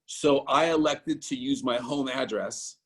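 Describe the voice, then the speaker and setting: A man from Idaho, a business owner giving an animated motivational training talk on a video call, telling stories straight to his team. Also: mid-range voice, unhurried, husky. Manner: storytelling, animated, talks straight to the audience.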